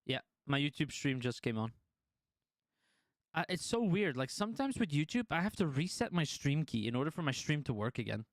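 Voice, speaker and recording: A man's voice: a little high, big pitch swings, brisk, no room sound, clean studio sound. A man streaming live, casually chatting to his viewers and telling a story, swearing freely and laughing often.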